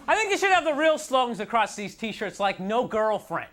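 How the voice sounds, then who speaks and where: A man's voice: high-pitched, big pitch swings, a little fast, hardly any pauses. A man works a comedy club stage, venting in a frustrated, self-mocking routine with a voice that swings up and down. A live crowd laughs along, and the room noise stays under him throughout. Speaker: stand-up comedian. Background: audience laughter.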